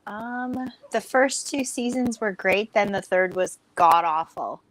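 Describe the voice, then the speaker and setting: A woman's voice: mid-range voice, measured pace, rough recording. A woman chatting on a live stream, answering briefly and laughing easily. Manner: short replies, laughs easily. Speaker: watch party guest. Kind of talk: casual live-stream chat.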